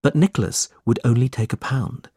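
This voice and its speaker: A man narrating a storybook in a slow, expressive reading style. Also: mid-range voice, husky, dry recording, studio quality.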